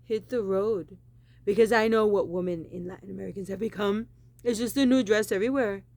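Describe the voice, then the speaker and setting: A woman's voice: mid-range voice, a little fast, creaky, darkish tone. A woman giving a rambling, insistent monologue, repeating the same phrases emphatically. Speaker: vlogger.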